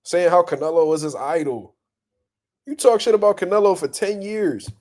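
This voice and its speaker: A young man hosting boxing talk, ranting bluntly and profanely in a casual, animated way and laughing often. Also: sits high, moderate pace. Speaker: boxing commentary host.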